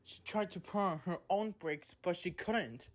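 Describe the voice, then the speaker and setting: A woman narrating a children's train story in a slow, simple storybook manner. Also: on the low side.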